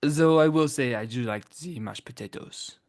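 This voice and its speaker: A man voicing a snooty mock Frenchman with a fake French accent, speaking slowly and deliberately. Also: mid-range voice, a little mellow, no echo, clean studio sound, close to an everyday voice.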